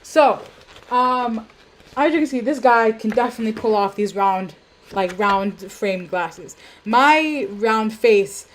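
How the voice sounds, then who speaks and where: A woman's voice: on the high side, takes it slowly, a little hiss or hum. Rambling young woman hosting a live stream. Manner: rambling, self-deprecating, lots of ums and tangents. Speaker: live stream art auction host. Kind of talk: casual live stream chat. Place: home room. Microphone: webcam.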